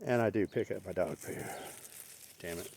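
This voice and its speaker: Middle-aged male vlogger, gravelly and low-pitched, rambling and opinionated, recorded outdoors with faint noise behind. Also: normal speed, darkish tone. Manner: opinionated, rambling, plain-spoken. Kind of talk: casual rambling vlog monologue. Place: outdoors, walking his dog.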